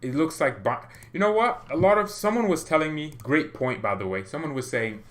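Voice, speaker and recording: A man hosting a football fan livestream, talking in a rambling, excitable way with lots of restarts. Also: on the high side, fairly quick, few pauses. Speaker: fan channel host.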